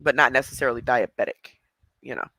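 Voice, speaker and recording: A man's voice: medium pitch, quick pace, sharp tone. A man hosting a livestream, chatting casually with viewers and laughing often. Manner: chatty, laughing, responding to chat. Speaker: livestream host.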